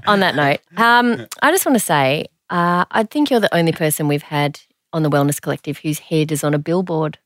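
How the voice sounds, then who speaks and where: A woman co-hosting a casual podcast chat, wry and quick to agree. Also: sits low, lively intonation, no echo, studio quality. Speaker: podcast co-host.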